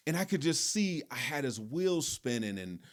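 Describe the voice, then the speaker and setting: A man hosting a podcast, telling a personal story in a relaxed, conversational way. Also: mid-range voice, moderate pace. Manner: relaxed, conversational, lots of fillers. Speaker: podcast host. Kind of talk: casual storytelling.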